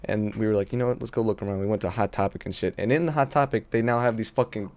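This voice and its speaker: Young male podcast co-host, rapid profane storyteller, slightly low voice. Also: a little mellow. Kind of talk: casual chat.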